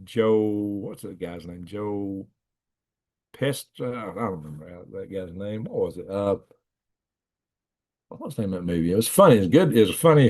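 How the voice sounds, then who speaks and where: Middle-aged guy on a livestream, rambly, chuckles a lot, does the voices in his stories. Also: on the low side. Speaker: livestream host. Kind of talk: casual storytelling to live chat.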